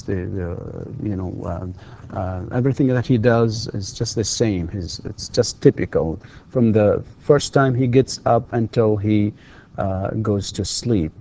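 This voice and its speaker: Male English lecturer, unhurried classroom delivery with lots of pauses, drills lines patiently. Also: lowish voice, creaky, warm tone, a little hiss or hum. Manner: deliberate, repeats drill questions for learners; hesitant, many fillers.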